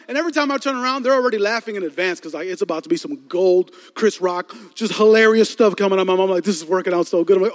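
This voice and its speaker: Addressing a youth audience in a large hall, a young man from the Chicago area, United States, shares a personal story as a sermon. His voice is high, and his delivery is animated, with acted-out voices, stammering, and frequent repeated words.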